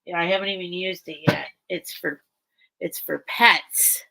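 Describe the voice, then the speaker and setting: Speaking at a measured pace with a steady tone, this woman has a fairly low pitch, vocal fry, and a pushed, bright quality, though the recording is low quality. She hosts a live vintage sale stream, crying as she chats casually and emotionally with viewers. Rambling and teary, she speaks directly to them.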